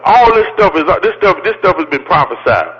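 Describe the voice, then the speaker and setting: Guy preaching motivation, high pitched, repeats himself a lot, big echoey hall. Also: very animated, a little fast, dull audio. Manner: preacher-like cadence, keeps repeating lines and asking the crowd. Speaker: motivational speaker. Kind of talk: fiery motivational speech. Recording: long hall reverb.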